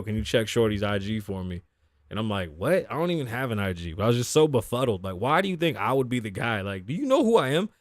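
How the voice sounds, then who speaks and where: A podcast host in his thirties runs a casual solo talk show, swearing freely, joking, laughing a lot and slipping in Spanish phrases. His voice is a little high, and the studio sound is clean with no echo.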